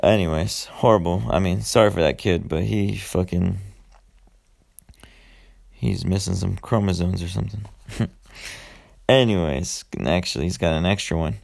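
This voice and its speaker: A man's voice: low-pitched, normal speed, gravelly, long pauses, a little mellow. A man hosting a podcast, loosely recapping a movie in a rambling, profane way, swearing constantly and drifting into asides. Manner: loose storytelling with many fillers and asides. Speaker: podcast host.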